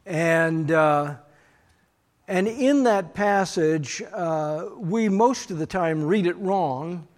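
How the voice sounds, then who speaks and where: Slow, halting high-voiced man preaching. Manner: slow, halting, many fillers. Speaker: pastor. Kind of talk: sermon recap.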